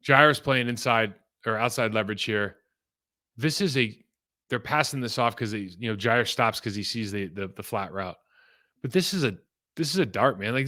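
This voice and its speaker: A man's voice: mid-range voice, bright, forceful tone. A man casually breaking down football game film, talking in a rambling, conversational way that trails off and restarts.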